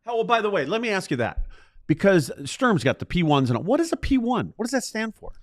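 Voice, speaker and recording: A man's voice: high-pitched, sing-song, brisk, no room sound, clean studio sound. A man in his sixties, a former player turned podcast co-host, telling rambling stories in casual chat and acting out the dialogue. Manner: rambling storyteller, acts out quoted dialogue.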